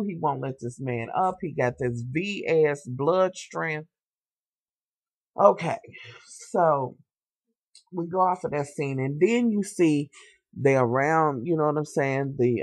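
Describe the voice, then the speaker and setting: Speaking directly to his viewers, a young TV show reviewer gives a sassy, animated episode recap full of slang, swearing and asides. His fairly high voice is recorded with no echo.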